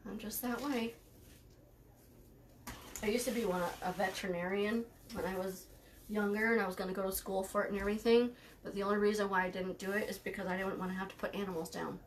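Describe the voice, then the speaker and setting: A woman's voice: medium pitch, steady tone, fast talker, a little hiss or hum. A woman hosting a live craft tutorial, chatting casually while she works, thanking viewers by name and laughing easily with dry sarcasm. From United States.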